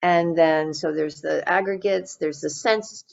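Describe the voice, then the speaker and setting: Gravelly-voiced woman giving a dharma talk. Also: sits low, fairly even intonation, measured pace, muffled recording. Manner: gentle, reflective, with frequent fillers and restarts. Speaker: meditation teacher.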